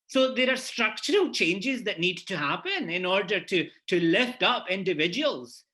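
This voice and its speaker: A man's voice: sits high, sing-song, moderate pace, bright, forceful tone. A man with a Glasgow Scottish accent speaking earnestly on a conference panel, with many restarts. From Scotland. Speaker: panelist, head of university department.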